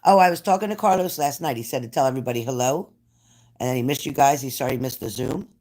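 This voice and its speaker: A chatty livestream host from New Jersey speaks fast at a medium pitch, his voice a little mellow. He reads his viewers' comments and answers them in casual conversation.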